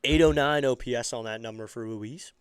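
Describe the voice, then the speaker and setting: A man speaking fairly quickly, his tone clear and resonant, gives amateur baseball play-by-play while streaming as a fan. He surges in pitch and volume as plays develop and falls back into chatty asides for his audience. The recording is dry and clean, studio-grade.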